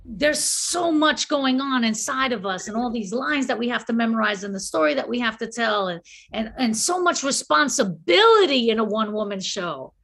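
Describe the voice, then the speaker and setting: A woman's voice: fairly high pitch, normal speed, gravelly, hardly any pauses. A woman actor and filmmaker in a casual online conversation, telling stories and acting out the quoted lines over a video call. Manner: animated storyteller acting out quotes.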